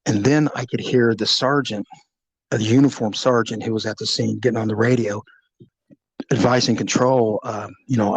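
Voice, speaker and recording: A middle-aged man, a former police officer, telling a personal story in an animated, vivid way, acting out the sounds. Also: fairly low pitch, normal speed, husky, no echo, rough recording. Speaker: retired police officer recounting a shooting. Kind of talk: storytelling in an interview.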